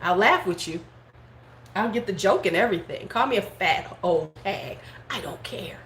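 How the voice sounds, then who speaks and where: A woman's voice: mid-range voice, animated, normal speed, fairly bright tone. A middle-aged woman hosting a casual livestream beauty vlog, talking frankly and bluntly, laughing often and answering viewers' comments. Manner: talks back to live chat comments. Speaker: beauty vlogger host. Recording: roomy home room with faint background noise.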